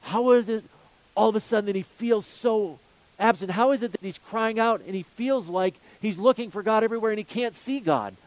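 A man's voice: high-pitched, a little fast, no room sound. A male pastor preaching a sermon, earnest, building his points with repeated phrases and rhetorical questions.

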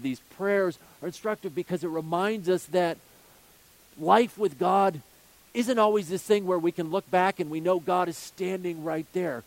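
A male pastor preaches a sermon in a high-sitting voice, earnest in tone, building his points through repeated phrases and rhetorical questions.

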